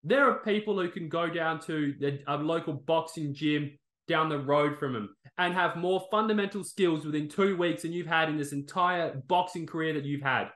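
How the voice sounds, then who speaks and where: Male review host on an angry rant, forceful bright voice, slightly high, roomy echo. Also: moderate pace, hardly any pauses. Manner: angry, exasperated, swearing; repeatedly tags lines with "okay?" and "man". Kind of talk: ranting video review.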